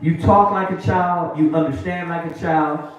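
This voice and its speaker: Animated male street preacher, high voice, heard from far off. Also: normal speed, lo-fi sound. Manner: animated, mocking voices of others. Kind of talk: preaching to a group. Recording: echoey room from far off.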